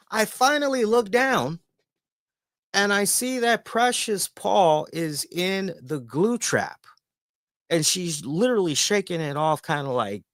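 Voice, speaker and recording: A man's voice: high voice, normal speed, no room sound, clean studio sound. Chatty man hosting a wrestling show. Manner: animated storytelling with filler words. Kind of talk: casual chat.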